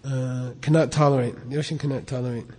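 A man's voice: medium pitch, fairly even intonation, quick pace, darkish tone, slightly rough, long reverb tail. A man teaching a class in a casual, chatty way, often checking in with "okay?" and repeating himself. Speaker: teacher of Tibetan and Sanskrit texts.

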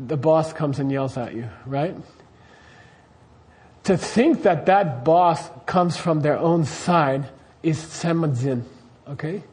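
Man, high-pitched voice, Buddhist teacher, quizzing questions, keeps checking understanding. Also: a little mellow. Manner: quizzes the class, keeps checking "you see what I mean?". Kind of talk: dharma class teaching.

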